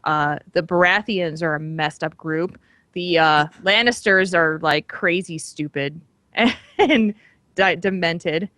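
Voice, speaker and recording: A woman's voice: lowish voice, slow, a bit bright, dry recording. A woman in her thirties co-hosting a podcast in casual chat, laughing often as she talks. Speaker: podcast co-host.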